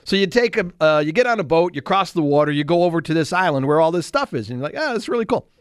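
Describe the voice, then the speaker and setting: Man, sixties, high voice, self-mocking storyteller, casual radio chat. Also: fast, clear, resonant tone, dry recording, studio quality. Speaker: radio co-host.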